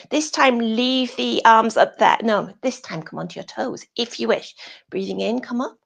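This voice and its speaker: A British woman teaching a yoga class over a video call, giving soft breathy cues that often drop to a whisper. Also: a little high, normal speed. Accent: British English.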